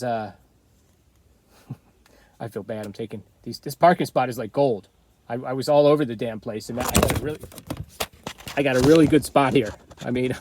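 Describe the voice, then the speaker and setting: A man's voice: medium pitch, darkish tone, slight background noise. A middle-aged man casually telling a story, rambling and digressing, often chuckling.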